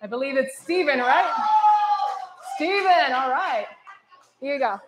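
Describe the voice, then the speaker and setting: Upbeat high-voiced woman in an echoey hall. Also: expressive, measured pace, heavy background noise. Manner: upbeat, encouraging, often laughing. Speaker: visiting radio presenter leading a school activity. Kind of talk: leading a tongue-twister game for schoolchildren. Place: school hall with children. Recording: echoey hall with children's chatter.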